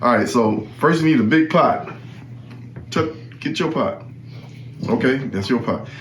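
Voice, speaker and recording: A man's voice: medium pitch, lively intonation, a little slow, reverberant, a little hiss or hum. A man hosting, walking through a cooking demonstration in a casual, chatty way and often repeating himself. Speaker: host.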